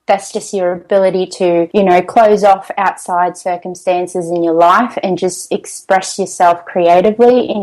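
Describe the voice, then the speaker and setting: A woman's voice: lowish voice, darkish tone, low-quality recording. A woman with an Australian accent, a podcast guest in casual interview chat, cheerful and laughing often as she talks.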